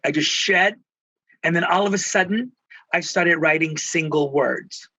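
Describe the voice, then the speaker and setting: A man's voice: a little high, a little slow, pushed and bright, no room sound, low-quality recording. A middle-aged man from Texas, a spiritual healer and life coach, telling personal stories expressively and slipping into Spanish endearments. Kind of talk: emotional storytelling in conversation.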